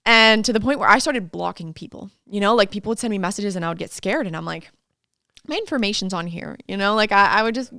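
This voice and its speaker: A woman guest and fitness coach chatting in an interview, a lively storyteller who laughs often and acts out what people said. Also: medium pitch, quick pace, gravelly, few pauses, clear, resonant tone, dry recording, studio quality. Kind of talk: casual interview chat.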